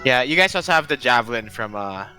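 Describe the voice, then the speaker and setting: A man's voice: mid-range voice, lively intonation, quick pace, over music, poor audio. A man narrating as game master, rambling and correcting himself as he describes scenes.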